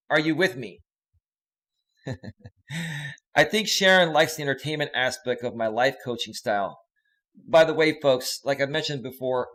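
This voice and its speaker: Animated male live stream host. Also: a little high. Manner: animated, joking, greets viewers by name. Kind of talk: casual live stream chat, reading viewer comments.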